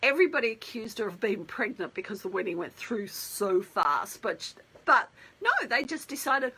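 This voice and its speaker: Husky, bright-voiced woman wedding planner. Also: a little high, sing-song, moderate pace, low-quality recording. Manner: chatty, rambling with asides and restarts. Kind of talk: casual storytelling.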